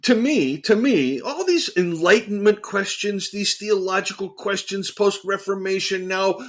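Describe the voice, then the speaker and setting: A man co-hosting a casual theological discussion, talking in an animated, emphatic way and repeating phrases for emphasis. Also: high-pitched, unhurried. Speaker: podcast co-host.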